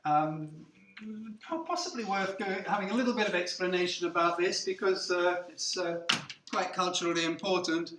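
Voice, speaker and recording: A university lecturer in his seventies with an English received pronunciation accent gives a classroom lecture in a high, fairly bright voice at normal speed. He often checks in with "okay?" and slips in foreign words. The sound is roomy, with slight background noise.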